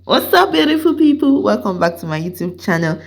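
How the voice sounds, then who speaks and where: A woman hosting her commentary channel, speaking slowly and ominously. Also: mid-range voice, big pitch swings, gravelly. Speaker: channel host. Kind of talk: dramatic commentary narration.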